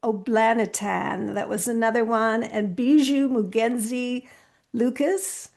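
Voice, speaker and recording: A woman's voice: fairly high pitch, a little slow, a little mellow. A woman podcast host, now the guest, talking earnestly and with animation in a casual interview, often restarting her sentences.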